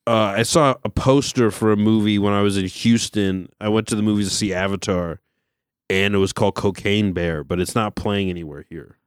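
A man's voice: on the low side, fairly even intonation, fairly quick, clear, resonant tone, no room sound, studio quality. A man hosting a podcast, chatting casually and chuckling often. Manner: laid-back, chuckles often. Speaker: podcast host. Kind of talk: casual chat.

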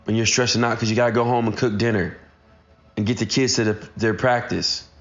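A man with a rough, gravelly voice gives an earnest motivational talk, speaking right to his listeners. Soft music plays underneath. The recording sounds slightly dull and muffled. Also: on the low side, fairly even intonation, fairly quick. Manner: earnest, addresses listeners directly.

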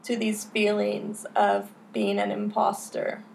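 A woman's voice: medium pitch, very animated, slow pace, gravelly, a little mellow, a little hiss or hum. A young woman hosting a casual podcast, talking candidly, swearing freely and filling her speech with "like" and "you know". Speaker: podcast host.

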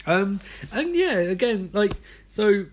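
A high-pitched man hosts his podcast in a comic monologue, exhausted and unravelling. His voice leaps all over the place as he lurches between frantic, swearing rants and drained mumbling. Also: very animated, slow, slight background noise. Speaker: podcast host.

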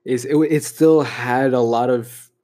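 A man's voice: mid-range voice, steady tone, a little slow, mellow. A young man telling a personal story in a reflective way, often saying "you know" and "like".

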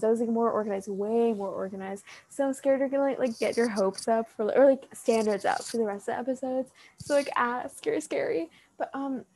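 Young woman rambling to her bestie, lots of "like", soft mellow voice pitched a bit high. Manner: rambling, filler-heavy, heartfelt; standing while talking. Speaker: vlogger addressing a friend. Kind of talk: emotional casual monologue.

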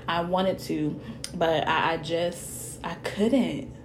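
Lady in her 30s chatting real slow and open to her viewers, lowish voice. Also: steady tone, noisy background. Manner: transparent, chatty, laughs, says "y'all" and "honey". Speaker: vlogger. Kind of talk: candid personal talk to viewers.

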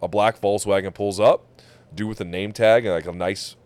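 Deep-voiced man telling travel stories. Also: normal speed, clear, resonant tone. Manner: animated storyteller, swears, acts out quotes. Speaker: podcast host. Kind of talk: casual chat, travel storytelling.

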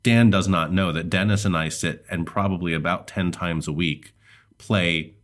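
A man co-hosting a podcast, chatting casually with relaxed, hesitant pacing and many fillers. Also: deep voice, moderate pace. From United States. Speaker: podcast co-host.

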